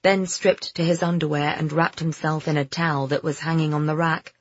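Brief: measured audiobook narrator, husky voice, slightly dull lo-fi sound. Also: medium pitch. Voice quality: even, measured storytelling. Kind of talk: scripted narration.

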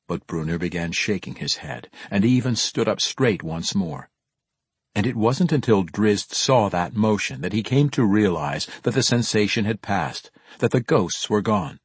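Male audiobook narrator, husky low voice, animated dramatic reading, dry studio read. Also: a little slow, no room sound. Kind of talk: scripted fantasy narration.

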